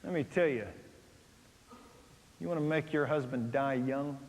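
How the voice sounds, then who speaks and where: A man preaching a sermon, telling stories with big swings from loud outbursts to hushed asides. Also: mid-range voice, unhurried, noisy background. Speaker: pastor. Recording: long hall reverb.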